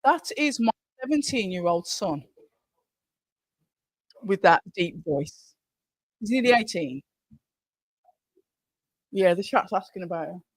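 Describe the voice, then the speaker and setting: A woman's voice: medium pitch, lively intonation, slow, long pauses, dry recording, studio quality. A middle-aged woman hosting a live stream, chatting casually and reading viewer comments aloud from home. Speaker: livestream host.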